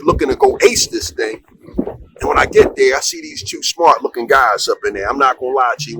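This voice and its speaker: Animated man telling a comic story. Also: medium pitch, low-quality recording. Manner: animated, conversational, colloquial. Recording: clear background noise.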